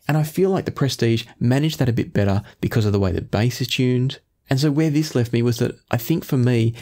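Man, audio gear reviewer, measured, careful qualifying talk, slightly low pitch. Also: a little mellow. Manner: measured, qualifies claims with kind of and perhaps.

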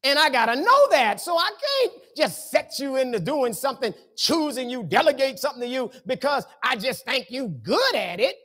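Animated preacher man. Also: very high voice, moderate pace, few pauses, husky. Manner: conversational preaching, colloquial, rhetorical questions. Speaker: pastor. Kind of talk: sermon. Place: church sanctuary.

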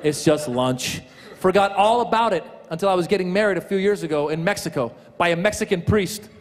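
A man doing a stand-up comedy set at a live show, talking in an animated way and jumping into shouted voices. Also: high voice, quick pace. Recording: live hall with crowd and noise.

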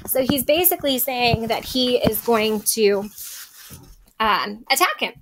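A woman's voice: fairly high pitch, a little slow, background noise. Casual woman teacher explaining a play. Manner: casual, with frequent um and so basically.

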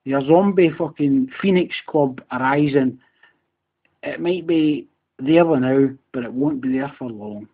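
A man's voice: mid-range voice, unhurried. A Scottish man with a Glasgow accent, a bit drunk after a few beers, ranting on his podcast in a heated, sweary, repetitive way. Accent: Scottish, Glaswegian. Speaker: podcast host. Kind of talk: angry solo rant. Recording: tinny phone-quality recording.

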